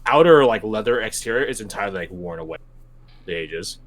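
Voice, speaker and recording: A man's voice: fairly low pitch, expressive, fast. Rambling young man running a tabletop game. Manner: rambling, many fillers and restarts. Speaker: game master.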